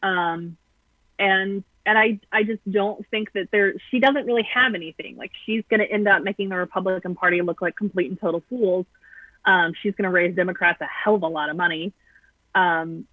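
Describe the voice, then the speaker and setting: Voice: medium pitch, no echo. A guest commentator calling in, blunt and sarcastic, with frequent ums. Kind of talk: political commentary over the phone. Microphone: phone call. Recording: tinny phone line, dry.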